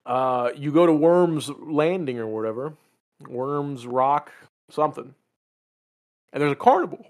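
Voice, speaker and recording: Profane, animated male podcast host. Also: on the high side, measured pace. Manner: profane, animated storytelling with voiced quotes. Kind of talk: casual gaming chat.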